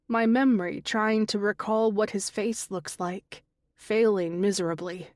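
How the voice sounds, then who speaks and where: A woman reading a first-person mystery audiobook in a measured, unhurried way. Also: mid-range voice, a little mellow, dry recording, studio quality. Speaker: audiobook narrator.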